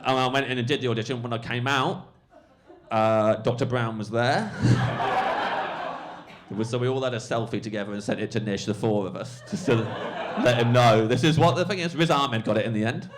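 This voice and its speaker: A man's voice: medium pitch, a crowd in the background. A man, a comedian guest, telling a story with laughing asides at a live podcast show. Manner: animated, laughing, quick asides. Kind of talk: comic storytelling. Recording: noisy live podcast recording.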